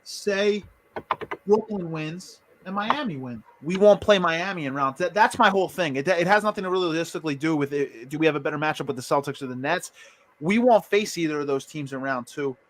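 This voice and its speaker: A man's voice: on the high side, animated, fairly quick, a little hiss or hum. A man co-hosting a podcast, talking sports in a confident, opinionated way and often repeating words as he starts a thought. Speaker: podcast co-host. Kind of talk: casual sports chat.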